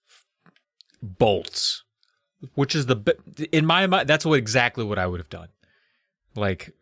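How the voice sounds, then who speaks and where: A man's voice: mid-range voice, a bit bright, no echo, studio quality. A man who is a stand-up comedian, co-hosting a podcast, recapping a book and telling stories in a rambling, profane, laid-back way. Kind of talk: casual chat recapping a book.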